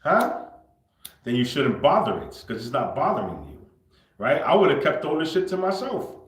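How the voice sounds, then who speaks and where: A man on a livestream delivers a confrontational, repetitive rant at medium pitch. He drops to a mutter, then bursts out loud. The room adds a clear echo. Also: sing-song, fairly quick. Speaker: livestream host.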